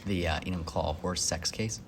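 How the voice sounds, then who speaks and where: Animated young man telling a story. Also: sits low, moderate pace, slight background noise. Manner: animated storytelling, rising incredulous questions. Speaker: host. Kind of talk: casual chat.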